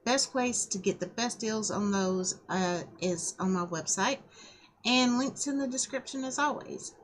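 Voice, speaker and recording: A woman's voice: on the high side, measured pace. Woman with a scratchy throat reading aloud. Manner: casual, welcoming to viewers. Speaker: author reading her own novel.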